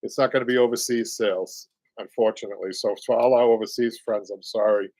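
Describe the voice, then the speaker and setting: A man's voice: fairly low pitch, fairly even intonation, quick pace, a little mellow, no room sound. A man in his late fifties with a Boston accent, hosting a live upholstery show in a rambling, chatty way full of fillers and little chuckles. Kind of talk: casual live-stream chat.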